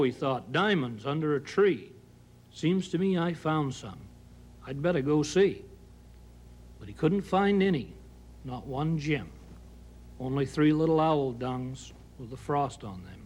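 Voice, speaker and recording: Maine storyteller, man, slightly high voice, folksy drawl, reciting comic verse. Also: expressive, a little slow, long pauses, darkish tone. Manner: folksy down-east drawl, acts out characters. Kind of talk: reciting a humorous narrative poem. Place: home kitchen.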